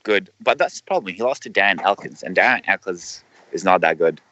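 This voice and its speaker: A man's voice: deep voice, expressive, a little fast, pushed and bright, highs cut off. A man co-hosting a casual fan podcast, making brief, wry remarks about betting odds. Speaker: podcast co-host. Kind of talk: casual chat.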